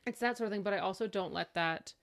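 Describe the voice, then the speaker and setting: A woman co-hosting a book podcast in casual chat, animated and acting out quoted lines. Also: quick pace, vocal fry. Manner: animated storyteller, acts out quotes in high voice. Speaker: podcast co-host.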